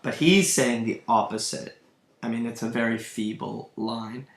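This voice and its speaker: A male literature lecturer who talks slowly and thoughtfully, pausing to search for words and circling back on himself. His voice sits at an ordinary pitch and carries a noticeable roomy echo. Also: a bit bright. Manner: thoughtful, searching, with fillers and restarts. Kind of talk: recorded lecture.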